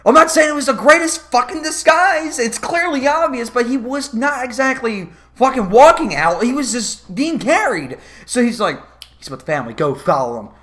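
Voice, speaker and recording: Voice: sits high, normal speed, hardly any pauses. A vlogger ranting about a movie in a casual comedic review, swearing often and laughing. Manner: profane, animated, laughing.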